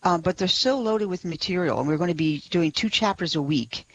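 A woman guest on a radio talk show, enthusiastic and quick to laugh. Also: fairly low pitch, dull audio, a little hiss or hum. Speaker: guest, blog writer.

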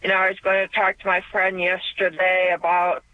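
A woman's voice: on the low side, monotone, a little fast, no echo. A woman calling in to a radio show, speaking hesitantly and sounding upset. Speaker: caller. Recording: dry, tinny phone line.

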